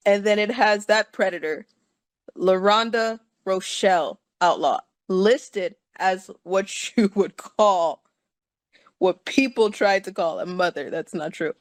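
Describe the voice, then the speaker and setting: A woman's voice: mid-range voice, no echo. A woman telling a personal story to her listeners, chatty and laughing often and checking in with them. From California.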